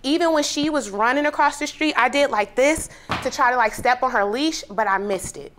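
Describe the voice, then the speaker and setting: A woman's voice: high-pitched, a little fast, a bit bright, slight background noise. A woman, a plaintiff on a TV court show, telling her story in emotional detail. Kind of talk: testimony in a TV courtroom.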